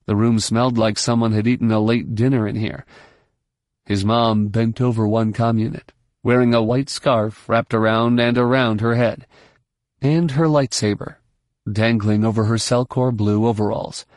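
A man narrating an audiobook in a steady, measured way. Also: medium pitch, dry recording, studio quality. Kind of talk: scripted narration.

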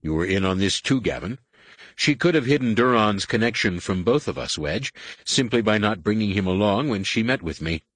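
A man's voice: lowish voice, animated, normal speed, a bit bright, no room sound. A man voicing a blunt, defiant male colonel in an audiobook.

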